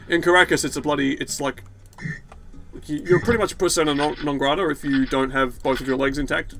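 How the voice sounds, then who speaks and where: A man talks through his game in a loose, rambling stream of commentary, cursing and joking as he goes. His voice sits somewhat high and swings widely up and down. Faint game music plays underneath. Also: fairly bright tone. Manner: rambling, swearing, jokey. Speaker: gaming video host. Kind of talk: let's play commentary.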